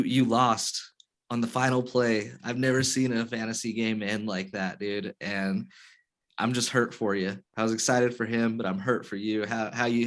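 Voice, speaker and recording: Male podcast host, lowish voice, easygoing chat. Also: a bit bright.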